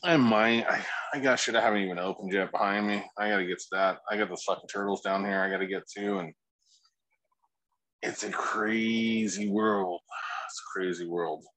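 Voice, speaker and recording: A man's voice: deep voice, steady tone, fast, hardly any pauses, fairly bright tone, no room sound, poor audio. A man co-hosting a casual podcast, laid-back and rambling, swearing freely. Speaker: podcast co-host.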